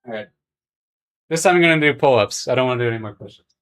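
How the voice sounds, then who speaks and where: A man's voice: mid-range voice, expressive, quick pace, long pauses, fairly bright tone, no echo. A man chatting casually with his viewers on a livestream while he draws, rambling and laughing often. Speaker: streamer.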